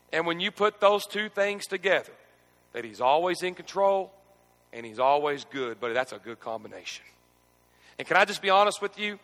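A man preaching a sermon, asking the congregation to repeat scripture with him and moving between quiet reflection and emphatic questioning. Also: sits high, long reverb tail. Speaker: pastor. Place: church.

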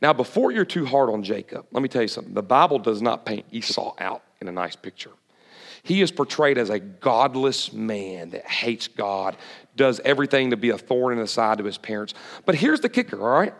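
Animated, gravelly preacher in a hall. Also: male voice, mid-range voice, a little fast. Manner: animated, asks the audience questions. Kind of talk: sermon storytelling.

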